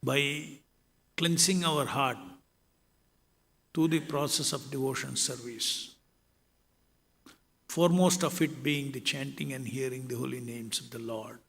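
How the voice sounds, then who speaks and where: A man giving a scripture lecture in a measured way, reciting Sanskrit verses between his explanations. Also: medium pitch, fairly even intonation, vocal fry, a bit bright. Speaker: spiritual lecturer. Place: temple lecture hall. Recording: long reverb of a hall.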